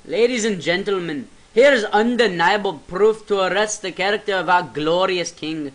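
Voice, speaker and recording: A man's voice: high voice, normal speed, a bit bright, poor audio. A man doing a Scottish-accented accusing statesman. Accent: put-on Scottish. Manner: declamatory. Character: stern male statesman accusing the king.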